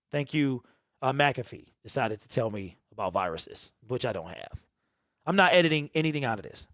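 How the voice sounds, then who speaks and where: A man hosting his own sports talk channel delivers a raw, unedited monologue to his viewers, emphatic, repetitive, earnest and emotional. His mid-range voice is fairly bright with lively intonation at a moderate pace, recorded with clean studio sound and no echo.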